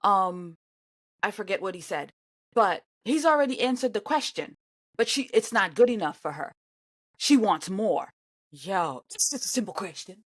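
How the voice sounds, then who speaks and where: A woman in a reaction vlog, ranting at the screen with sharp sarcasm. Her voice leaps all over the place, from loud outbursts down to low mutters. The sound is dry, with no room echo. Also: moderate pace, husky. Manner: indignant and sarcastic, talks back at the screen; animated, swings between loud outbursts and mutters. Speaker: vlogger reacting to an interview. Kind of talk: reaction commentary.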